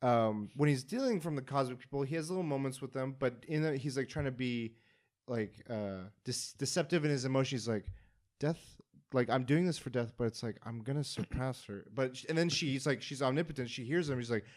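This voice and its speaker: A man's voice: mid-range voice, a little fast. A man hosting a casual podcast chat, retelling a story with acted-out quotes and lots of fillers. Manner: animated storyteller, acts out quotes. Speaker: podcast host.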